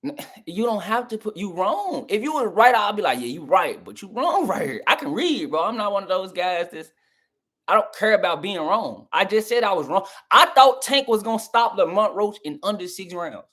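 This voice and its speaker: Speaking to his chat on a live stream, this young Southern man argues hotly and ridicules what viewers write back. His voice sits high and sing-song, fairly bright, at a moderate pace, with a Southern American accent from the southern United States.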